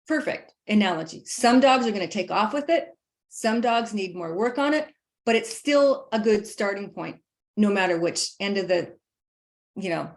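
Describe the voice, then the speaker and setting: A woman dog trainer talking through leash training in a casual, lively way, laughing often and hammering her points with emphatic asides. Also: fairly high pitch. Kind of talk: casual instructional chat.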